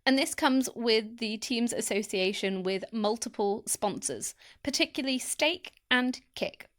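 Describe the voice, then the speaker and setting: A woman co-hosting a casual podcast, explaining in a steady way with dry asides. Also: a little high, measured pace. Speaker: podcast co-host.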